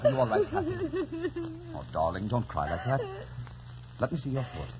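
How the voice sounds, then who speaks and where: An actor playing Heathcliff, a brooding, passionate young man, in 1940s radio acting with a deep, intense voice. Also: lively intonation, measured pace, darkish tone, slight background noise. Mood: fierce. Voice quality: deep and intense, shifting between murmur and outburst. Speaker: lead actor. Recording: dull lo-fi 1940s radio recording.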